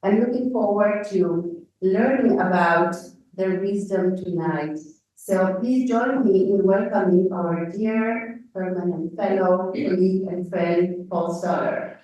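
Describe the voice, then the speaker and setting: A woman's voice: mid-range voice, slow pace, warm tone, dull audio. A woman hosting an event and introducing the speaker, with a hesitant delivery and many fillers. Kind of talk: formal introduction. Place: lecture hall. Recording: very echoey, from far off.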